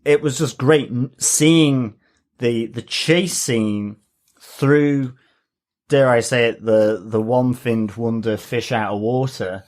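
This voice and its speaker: A man co-hosting a casual podcast discussion, enthusiastic and halting, restarting his sentences as he goes. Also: medium pitch, a little mellow. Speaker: podcast co-host.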